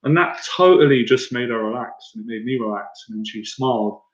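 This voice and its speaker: An Irish man in his thirties, a confidence coach talking casually to viewers on a livestream, excitable and rambling with lots of fillers and restarts. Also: medium pitch, a little fast. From Ireland. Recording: echoey room, dull lo-fi sound.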